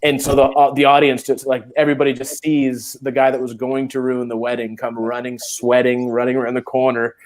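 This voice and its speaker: A man's voice: medium pitch, a little fast, hardly any pauses. A man casually telling a long funny story on a chat stream, acting out the other people's lines. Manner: animated, acts out quoted voices. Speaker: co-host.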